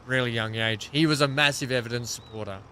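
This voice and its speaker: A man talks casually through a live gaming stream. He chats with viewers and calls on them by name between tasks. His voice is bright and forceful, with a faint hiss of noise behind it. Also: medium pitch, fast. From Australia. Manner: chatty, greets and questions chat viewers by name.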